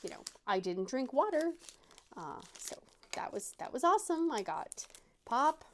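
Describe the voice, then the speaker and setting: A woman's voice: medium pitch, very animated, a little slow, a little hiss or hum. A woman hosting a craft channel, telling a casual, self-deprecating story with many fillers and restarts.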